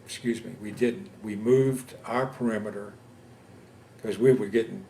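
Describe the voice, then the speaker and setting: Older man telling war memories, halting. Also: on the low side, fairly even intonation, gravelly, dark tone, a little hiss or hum. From Louisiana, US. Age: 70s. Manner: halting, many pauses and fillers. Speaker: veteran interviewee. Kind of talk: oral history interview. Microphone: interview camera setup.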